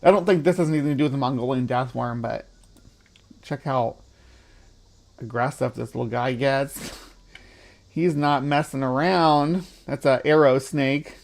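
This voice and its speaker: A man's voice: mid-range voice, moderate pace, vocal fry. A man hosting a casual livestream, chatty and playful, often laughing. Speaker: livestream host.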